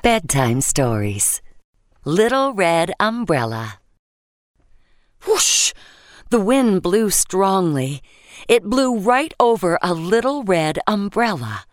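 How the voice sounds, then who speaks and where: A woman narrating a children's bedtime story gently and expressively, voicing the sound effects. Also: mid-range voice, big pitch swings, slow pace, no echo, clean studio sound.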